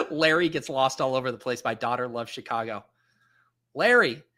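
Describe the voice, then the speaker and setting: Bright, crisp guy rambling through a live draft stream, lots of ums and uhs. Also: medium pitch, moderate pace. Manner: rambling, thinks aloud with many fillers. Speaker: fantasy football podcast host. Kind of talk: casual live-stream chat while drafting.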